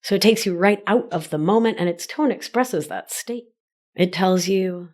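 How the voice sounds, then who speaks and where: A woman hosting a solo wellness podcast, teaching in a gentle sing-song and a slow, deliberate way. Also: mid-range voice. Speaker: podcast host and life coach.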